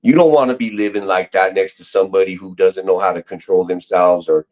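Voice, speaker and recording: Brief: low-pitched middle-aged man, slangy rambling storyteller, muffled lo-fi audio. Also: steady tone, fairly quick, darkish tone. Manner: slangy, rambling, frequent restarts. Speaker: guest. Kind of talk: casual storytelling chat.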